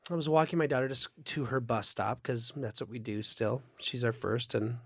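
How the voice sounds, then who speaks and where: A man hosting a church podcast, telling stories in a casual chat with lively, animated delivery and quick restarts. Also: mid-range voice, breathy edge, dry recording, studio quality. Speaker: podcast host.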